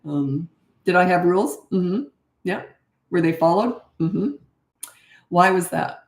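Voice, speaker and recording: A woman's voice: on the low side, slow pace, pauses often. Chatty middle-aged woman, roomy sound. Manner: frank, chatty, laughs often. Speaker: parenting coach. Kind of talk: casual live-stream Q&A. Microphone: webcam.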